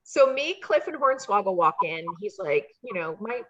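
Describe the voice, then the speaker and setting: A woman telling animated stories as an interview guest, slipping into high voices when she acts out what people said. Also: normal speed, muffled recording. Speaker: interview guest, former wrestling valet. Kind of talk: casual storytelling interview.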